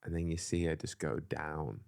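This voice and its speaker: A man's voice: very deep voice, moderate pace, creaky, a little mellow, smooth. A man co-hosting a comedy podcast, rambling through an improvised story and slipping into silly character voices. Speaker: podcast co-host.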